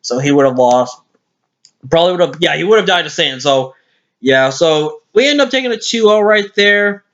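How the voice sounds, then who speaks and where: His fairly high, slightly bright voice stays animated at a normal speed even though he's tired and hiccuping. He rambles through casual replay commentary, fixing his own mistakes, on a lo-fi screen-capture mic.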